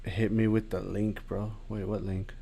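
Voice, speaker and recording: Relaxed young man with a low voice. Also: moderate pace, gravelly, slightly rough. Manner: relaxed, profane, trailing off. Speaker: podcast co-host. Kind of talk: casual chat.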